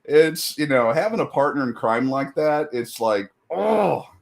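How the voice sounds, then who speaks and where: A man's voice: on the high side, animated, unhurried, gravelly. A middle-aged man in casual chat as a guest, talking loosely with many fillers and frequent laughs.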